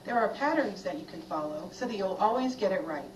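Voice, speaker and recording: A woman giving scripted narration for a children's learning video, clear and animated, asking listeners to join in. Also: mid-range voice, fairly quick. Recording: video played in a roomy space from far off, noisy.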